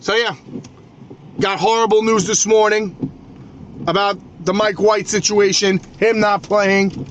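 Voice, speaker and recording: High-pitched, profane New sports ranter. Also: male voice, level tone, measured pace, pauses often, fairly bright tone, lo-fi sound. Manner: profane, agitated ranting with stammered restarts. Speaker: podcast host. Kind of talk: solo sports rant. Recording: noisy background ambience.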